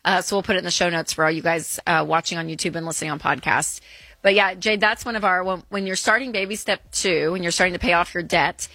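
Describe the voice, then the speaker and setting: A woman's voice: on the low side, steady tone, fast talker, bright, forceful tone, no echo. A woman hosting a call-in advice show, greeting callers and summing up advice in a friendly, casual way. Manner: friendly, takes calls and sums up.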